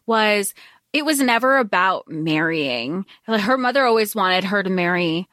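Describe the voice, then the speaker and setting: A woman of medium pitch whose voice rises and falls a lot, recorded dry and close. She chats casually on a book podcast, thinking aloud and gathering her words as she goes. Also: animated, a little slow, a bit bright, dry recording. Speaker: podcast co-host. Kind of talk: casual book discussion chat.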